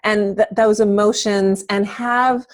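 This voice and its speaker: A woman's voice: mid-range voice, fairly even intonation, slow pace. A woman hosting a casual interview, agreeing readily and laughing easily.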